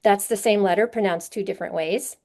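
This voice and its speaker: A woman leads a literacy workshop for teachers as part of a conference session, patient in her explanations and frequently posing rhetorical questions to keep the room with her. She speaks a little fast in a mid-range voice with a darkish tone.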